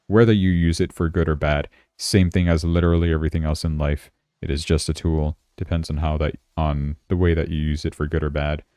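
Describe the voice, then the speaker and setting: A man's voice: sits low, warm tone, dry recording, studio quality. A man hosting a casual crypto livestream, chatting and thinking aloud as he checks his charts, sounding tired. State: yawning, tired.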